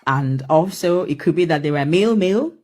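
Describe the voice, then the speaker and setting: A woman retelling a story in a measured, hesitant way, with frequent ums. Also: sits low, expressive, darkish tone. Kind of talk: storytelling commentary.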